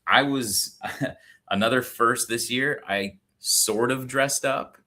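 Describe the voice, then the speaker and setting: A man co-hosting a casual livestream chat, relaxed and laughing often, with many fillers. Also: mid-range voice, takes it slowly. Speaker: co-host.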